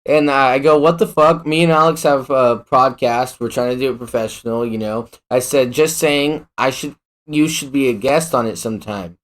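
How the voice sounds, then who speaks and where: A man's voice: medium pitch, moderate pace, a bit bright. A man co-hosting a podcast, telling stories in loose, profane casual chat. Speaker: podcast co-host.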